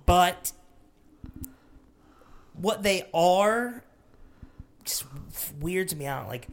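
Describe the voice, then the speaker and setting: Mid pitch, lively intonation, blunt, profane, dry humor, podcast co-host. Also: extremely slow. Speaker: parent. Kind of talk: casual chat.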